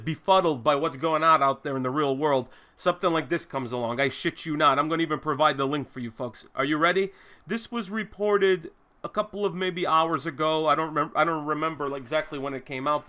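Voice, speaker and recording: A man with a slightly high, bright and forceful voice rants as host of his own commentary show. He sounds indignant and emphatic and swears freely. He stacks up phrase after phrase to hammer home each point. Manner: emphatic, indignant, profane, piles up repeated phrases. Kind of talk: ranting commentary monologue.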